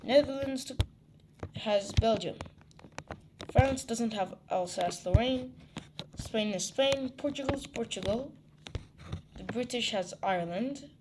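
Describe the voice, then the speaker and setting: A channel host casually walking through a map, halting and correcting themselves while listing places one by one. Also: mid-range voice, background noise. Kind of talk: casual map walkthrough narration.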